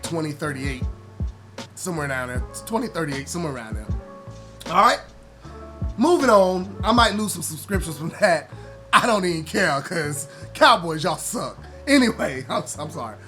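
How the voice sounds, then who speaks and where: A man hosting a casual vlog, loud and teasing at times, relaxed when he explains. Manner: loud trash-talking teasing, rising high when excited. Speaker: vlogger host. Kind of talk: casual chat to the camera.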